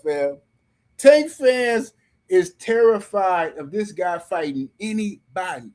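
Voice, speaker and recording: A man's voice: high-pitched, expressive, measured pace, a little mellow. A man hosting a live stream, ranting about boxing in a heated, slangy way and speaking straight to his viewers.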